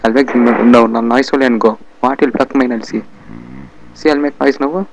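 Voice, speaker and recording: A man's voice: medium pitch, steady tone, moderate pace, slight background noise, rough recording. A man with an Indian English accent doing a comic dub of a video game, bickering and muttering to himself as he goes.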